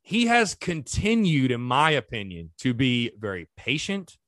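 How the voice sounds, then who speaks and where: Lively man talking baseball on a podcast. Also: medium pitch, measured pace, no room sound. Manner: animated, conversational, talks straight to listeners. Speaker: podcast host. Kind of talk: solo sports podcast talk.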